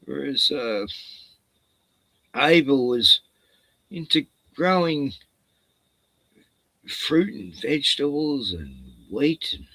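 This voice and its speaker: A man's voice: mid-range voice, animated, slow pace, long pauses, sharp tone, no room sound, poor audio. A man telling a story casually, profane and rambling, laughing at his own jokes.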